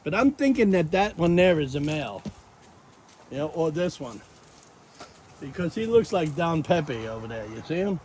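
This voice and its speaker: Easygoing high-voiced man rambling outdoors. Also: very animated, moderate pace, long pauses, darkish tone, rough recording. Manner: rambling, easygoing, talks to his animals. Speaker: vlog host. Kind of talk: casual chat. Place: outdoor backyard. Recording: outdoor noise.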